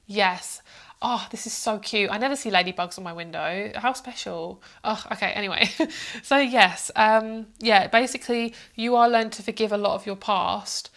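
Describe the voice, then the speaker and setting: A psychic tarot reader does a casual reading to camera, warm, motherly and chatty, calling her viewers "my love." Her voice sits at an easy middle pitch and normal speed as she wanders through thoughts, circles back, and restarts amid plenty of fillers.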